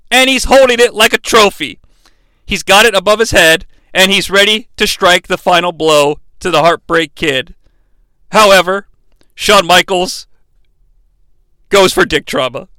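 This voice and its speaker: A man's voice: high-pitched, sharp tone, no echo. A man hosting a podcast, recapping a wrestling match in a chatty, profane, enthusiastic way. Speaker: podcast host.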